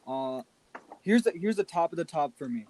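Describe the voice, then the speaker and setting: Young male co-host, slightly high voice, firm and measured. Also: animated, a little mellow. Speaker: podcast co-host. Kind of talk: casual sports debate.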